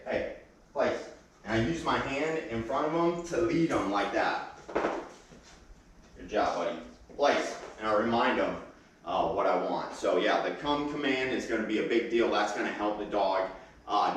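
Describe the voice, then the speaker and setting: A man gives a calm, hands-on dog training lesson, full of fillers and restarts. His voice sits at an everyday pitch. He is picked up from a distance in a very echoey room. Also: slight background noise. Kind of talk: casual training demonstration. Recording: very echoey room, mic far off.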